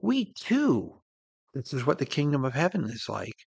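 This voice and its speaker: A man preaching a sermon in an earnest way, his voice swelling and then dropping soft as he reads and explains scripture. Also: medium pitch, huge pitch swings, normal speed, vocal fry, slightly rough, no room sound.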